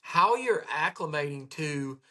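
A man hosting a casual chat, telling patient stories with animated retellings. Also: fairly high pitch, measured pace. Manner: animated storyteller, acts out patients' words. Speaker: podcast host, chiropractor.

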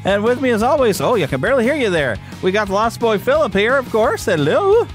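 A man's voice: high-pitched, sing-song, fast talker, soft background music. A man hosting a podcast in casual chat, rambling and upbeat, with lots of fillers and restarts. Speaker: podcast host. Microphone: podcast microphone.

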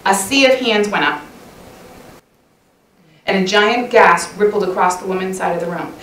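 A middle-aged woman giving a lively, chatty talk at a women's church conference session, often laughing and acting out little quoted lines. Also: medium pitch, normal speed, a little hiss or hum. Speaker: conference speaker. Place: church hall. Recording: echoey church hall recorded from far off.

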